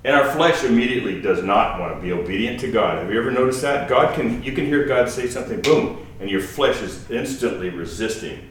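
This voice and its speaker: A man giving an informal, halting sermon with asides, as a guest preacher. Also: medium pitch, animated, a bit bright. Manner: conversational, halting, with restarts and asides. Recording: echoey hall from a distance with faint noise.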